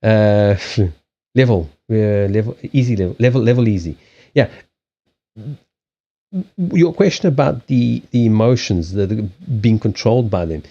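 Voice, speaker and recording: A man's voice: lowish voice, expressive, unhurried, pauses often, mellow, lo-fi sound. A man hosting a live stream, chatting casually about habits and anxiety, rambling with frequent restarts, swearing and laughing. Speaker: livestream host and card reader.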